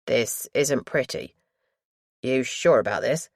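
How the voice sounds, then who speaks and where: A woman's voice: rumbling low, slow, no room sound, studio quality, voice pushed down, heavily acted. Woman voicing a cheeky young Cockney lad. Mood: subdued. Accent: East London (Cockney). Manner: cheeky, loud, drops into thick slang. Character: cheery young male mortuary assistant, chatty.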